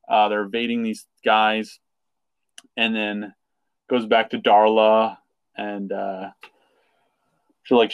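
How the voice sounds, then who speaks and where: A man's voice: on the low side, clear, resonant tone, no echo. A man on a podcast, chatting casually and retelling a story with lots of fillers. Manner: animated retelling with many fillers, acting out quotes. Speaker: podcast co-host. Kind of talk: casual chat.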